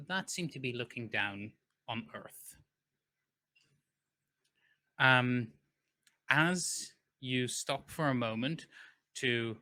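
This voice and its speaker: A man narrating a tabletop game as game master, in an unhurried way, with frequent ums and self-corrections as he builds the scene. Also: mid-range voice, sharp tone.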